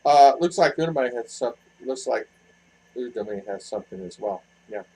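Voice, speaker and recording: A man's voice: medium pitch, lively intonation, normal speed, darkish tone, breathy edge, rough recording. A man hosting a casual live chat with viewers, rambling with lots of fillers and restarts. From expat living in the Philippines. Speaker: vlog host answering viewer chat.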